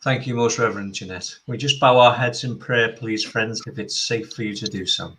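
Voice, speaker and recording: A man's voice: lowish voice, moderate pace, fairly bright tone, slight background noise, rough recording. Man steadily leading an opening prayer. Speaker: medium and church minister.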